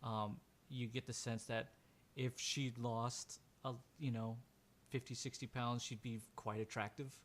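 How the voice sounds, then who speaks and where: A man narrates a tabletop role-playing game as its game master. His voice sits at an ordinary middle pitch. He talks loosely and casually, full of fillers and restarts, and laughs often. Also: flat delivery, a little slow.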